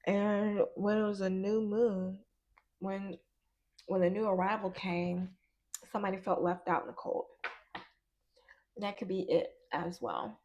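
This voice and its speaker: A woman's voice: medium pitch, steady tone, measured pace, long pauses, a little mellow, dull audio. A woman giving a casual tarot reading while chewing gum, chatty and musing aloud, often laughing and trailing off. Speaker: tarot reader.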